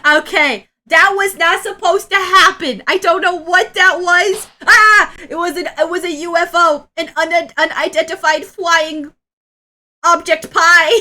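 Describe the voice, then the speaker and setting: Woman streamer, high voice, excitable and rambling, quick to laugh and shriek. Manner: rambling, with many restarts. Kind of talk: casual live-stream chat.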